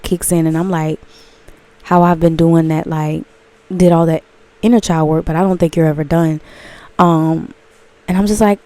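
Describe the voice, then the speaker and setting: A woman talking casually and expressively to her viewers in a self-help vlog, stretching words and swinging into excited bursts. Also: lowish voice, no echo. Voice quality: animated, drawn-out expressive delivery. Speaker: channel host.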